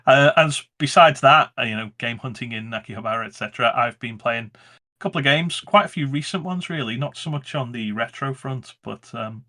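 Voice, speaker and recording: Bright-toned chatty Scouse man. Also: mid-range voice, brisk. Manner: chatty and enthusiastic. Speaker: podcast guest. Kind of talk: casual chat.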